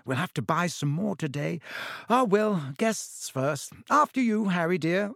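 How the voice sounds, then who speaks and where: A man's voice: animated, a little slow, creaky, dry recording, clean studio sound, full character voice. A man voicing a fussing, motherly middle-aged witch in a raised, anxious voice. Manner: anxious, fussing, high and bright.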